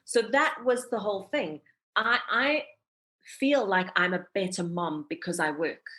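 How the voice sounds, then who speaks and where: A woman's voice: medium pitch, measured pace, sharp tone. A South African woman in her thirties, a radio presenter, chatting candidly as a podcast guest and laughing often. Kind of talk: casual interview chat.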